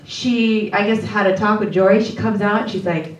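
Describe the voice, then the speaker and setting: An actress on a post-screening panel tells an animated story, laughing and acting out the voices she quotes. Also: medium pitch, moderate pace, muffled recording. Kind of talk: storytelling at a live Q&A. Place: screening room before an audience. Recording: roomy hall, distant mic.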